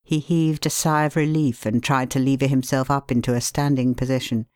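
A woman narrating a story in a calm, measured way. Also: a bass voice, dry recording, studio quality.

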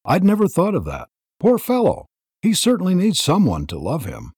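A man's voice: huge pitch swings, normal speed, husky, no echo, studio quality, full character voice. A man doing a frightened pleading young woman. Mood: wistful. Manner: soft, imploring, raised into a higher pitch. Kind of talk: audiobook reading.

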